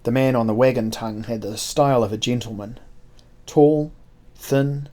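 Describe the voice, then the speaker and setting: A man reading a historical adventure novel aloud in the first person. His voice sits at an ordinary middle pitch for a man, and his storytelling is measured and expressive, with shifting emphasis from phrase to phrase. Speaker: narrator.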